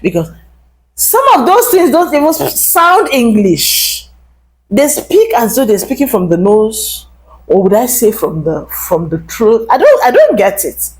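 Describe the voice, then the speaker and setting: A woman's voice: fairly high pitch, a little slow, poor audio. A young adult woman vlogger giving emphatic, casual commentary straight to her viewers. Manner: animated, emphatic, addresses viewers directly.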